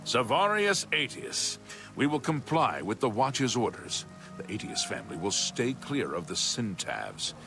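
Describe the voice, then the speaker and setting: A man's voice: mid-range voice, sing-song, a little slow, gravelly. An actor playing a proud, stern male noble in a video game, speaking formally and curtly. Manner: formal, curt. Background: game music.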